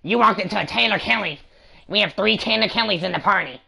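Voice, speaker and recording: A man's voice: high voice, quick pace, vocal fry, bright, forceful tone, breathy edge, heavily acted. A man mimicking a crude, bragging young guy. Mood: mocking boastful. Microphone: headset on online game voice chat.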